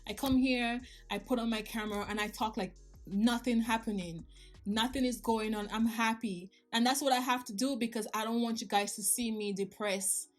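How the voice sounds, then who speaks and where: A woman's voice: a little high, fairly even intonation, moderate pace, faint music behind. A woman in her thirties talking straight to her viewers in a personal vlog, emotional and confiding, with some slips in her grammar. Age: 30s. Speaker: vlogger. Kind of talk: personal life update vlog.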